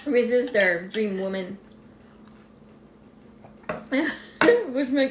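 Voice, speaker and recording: A woman with a Québécois French accent, talking through a live podcast monologue, animated, laughing often and swearing freely. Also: a little high, measured pace, pauses often. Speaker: life coach podcast host. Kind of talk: live-streamed personal monologue. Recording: echoey room with faint ambient noise.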